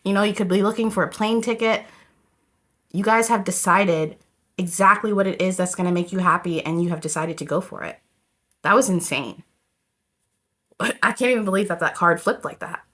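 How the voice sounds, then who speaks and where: Bright-voiced chatty woman reading tarot. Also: medium pitch, moderate pace, pauses often. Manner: chatty, rambling, addresses viewers as "you guys". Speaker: tarot reader. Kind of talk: casual tarot reading to camera.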